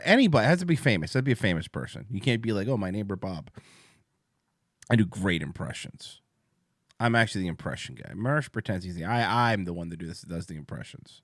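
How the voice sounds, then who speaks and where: A man's voice: on the low side, dry recording, studio quality. A man hosting a comedy podcast, riffing sarcastically and swearing freely. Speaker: podcast host. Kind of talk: comedic commentary.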